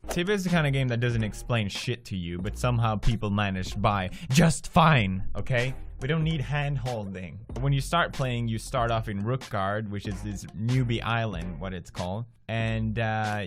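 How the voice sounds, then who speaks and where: A man in his twenties from Sweden, telling a profane, animated gaming story as a video blogger and acting out people's reactions. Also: medium pitch. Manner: profane, animated, laughs often, acts out quoted reactions. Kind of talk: casual storytelling monologue.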